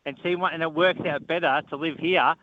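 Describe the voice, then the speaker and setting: Blunt caller on a dull line. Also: male voice, fairly high pitch, steady tone, fairly quick, a little hiss or hum. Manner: blunt, needling, talks over the host. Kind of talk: heated talkback argument. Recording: dull dry phone-in line.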